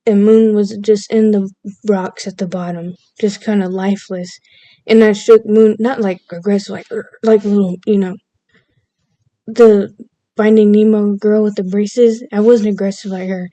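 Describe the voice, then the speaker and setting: A woman's voice: mid-range voice, steady tone, normal speed, warm tone, no echo. A woman vlogger casually telling a personal story, chatty and playfully overdramatic, laughing at herself now and then.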